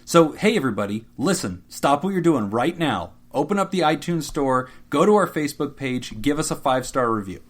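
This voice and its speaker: A man's voice: fairly high pitch, animated, fairly quick, few pauses. A man co-hosting a casual podcast, reading out supporter thank-yous with frequent laughter. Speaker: podcast co-host.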